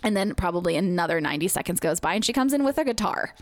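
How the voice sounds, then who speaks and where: A woman in her thirties co-hosting a podcast, telling family stories in casual chat, quoting people with lively voices and laughing often. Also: fairly low pitch, very fast, dry recording, faint music behind. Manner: chatty storyteller, animated quoting, laughs often. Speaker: podcast co-host.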